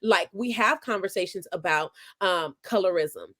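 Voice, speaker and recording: A woman's voice: on the low side, moderate pace, fairly bright tone. A woman in her forties, an author being interviewed, reflecting earnestly on family and parenting as she tells her story. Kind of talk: conversational interview.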